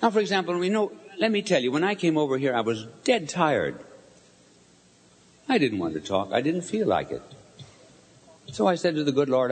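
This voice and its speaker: An older man, a bishop, preaching a sermon to a live audience, telling a story with lively questions to the crowd. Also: fairly high pitch, normal speed, pauses often. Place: large hall before a live audience. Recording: long hall reverb.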